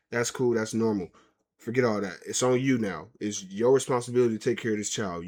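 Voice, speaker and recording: A man giving blunt, lecturing commentary in a casual, slangy way. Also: medium pitch. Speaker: reaction commentator.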